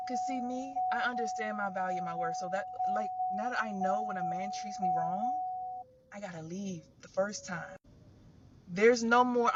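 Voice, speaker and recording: A woman's voice: medium pitch, expressive, normal speed, fairly bright tone, muffled recording, a little hiss or hum. A young woman, delivering an emotional, profane, preachy rant straight to camera. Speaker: content creator.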